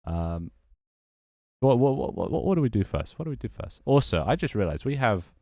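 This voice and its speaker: A man's voice: fairly low pitch, sing-song, normal speed, mellow, dry recording, studio quality. A young man chatting casually on a livestream, rambling and repeating his phrases as he greets viewers. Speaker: streamer and game developer.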